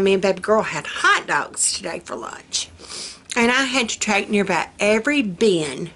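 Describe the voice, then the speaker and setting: A woman's voice: medium pitch, bright, forceful tone. An older woman, chatting casually to her viewers in a folksy way and laughing often at her own jokes. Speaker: vlogger. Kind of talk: casual chat to camera.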